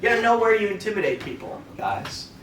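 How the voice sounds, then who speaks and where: A man's voice: high-pitched, sing-song, quick pace, a bit bright, recorded from a distance, slight background noise. A young man from the Midwest doing a self-deprecating stand-up comedy set, chatting with the crowd on a club stage. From American Midwest. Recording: roomy live club sound, crowd laughter. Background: audience laughing.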